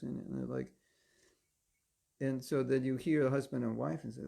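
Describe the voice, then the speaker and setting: Man, spiritual teacher, devotional lecture, very gravelly voice, mellow tone, conversational. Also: mid-range voice, big pitch swings, moderate pace, pauses often. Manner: conversational, wry, asks listeners questions. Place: Alachua, Florida.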